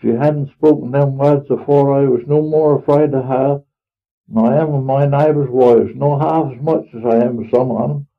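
A man's voice: medium pitch, fairly even intonation, moderate pace, lightly acted. A man playing an elderly, pious farmer with a rural Norfolk dialect, telling his tale in a homely, earnest, rambling way. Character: elderly pious rustic farmer, plain-spoken. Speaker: storyteller in character. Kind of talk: dramatic monologue reading. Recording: tinny phone-like old recording.

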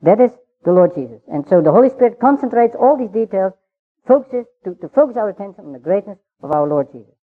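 A man's voice: sits high, animated. Man teaching the Bible, tinny sound. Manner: measured, unhurried, with frequent pauses and fillers. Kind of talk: verse-by-verse Bible study talk.

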